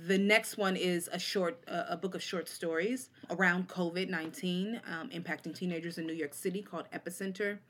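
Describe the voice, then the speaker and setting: A woman poet in her forties, a guest on a talk show, telling stories in an animated, casual way and acting out the voices of people she quotes. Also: lowish voice, a little fast, hardly any pauses, a little hiss or hum. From Oakland, California. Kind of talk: casual interview storytelling.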